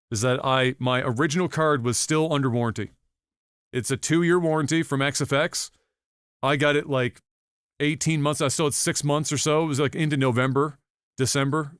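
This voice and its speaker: Animated, profane podcast storyteller man. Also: mid-range voice, clear, resonant tone, no room sound, clean studio sound. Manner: animated, profane, acts out his own reactions. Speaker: podcast co-host.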